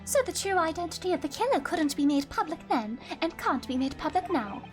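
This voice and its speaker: A woman reading game dialogue aloud for the characters in a measured, clear way. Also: very high-pitched, expressive, soft background music, pitched above the performer's own voice.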